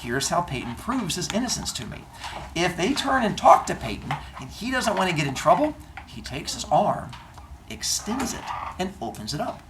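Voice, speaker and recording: A male teacher holds forth to his class in a playful, mock-stern way, dropping deadpan jokes. His pitch swoops about with animation. Steady noise hangs under the voice in this classroom recording. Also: moderate pace. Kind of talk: classroom talk with deadpan humor.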